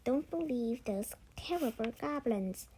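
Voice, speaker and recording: A woman reading the lines of a small lost talking kitten in a storybook, in a soft, slightly raised voice. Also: a little high, expressive, unhurried, a little hiss or hum. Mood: pleading.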